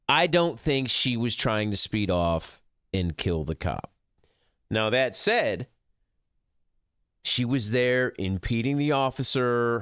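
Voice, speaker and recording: Male streamer, middle-aged, profane rambling talk, smooth voice, dry close mic. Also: lowish voice, fairly bright tone, no room sound. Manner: profane, rambling, gets heated. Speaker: gaming streamer. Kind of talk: casual rant over gameplay.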